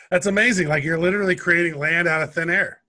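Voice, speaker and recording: A man co-hosts a casual podcast, playful and quick with jokes. His voice is fairly high and very bright. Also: steady tone. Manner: joking, playful.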